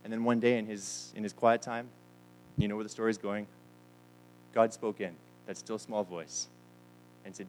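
A man's voice: on the low side, little pitch movement, normal speed, pauses often, darkish tone, faint music behind, poor audio. A man preaching a sermon, telling stories and acting out the lines of the people in them. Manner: storytelling with quoted voices, repeats words. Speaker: pastor.

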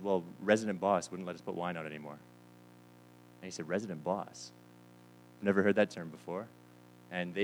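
On a rough recording, a low-voiced pastor preaches a sermon built on stories, acting out the lines of the people in them and repeating words.

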